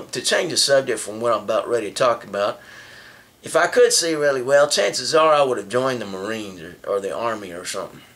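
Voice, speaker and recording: A man's voice: on the low side, fairly bright tone. A man vlogging a casual story, rambling, with many restarts and repeated phrases.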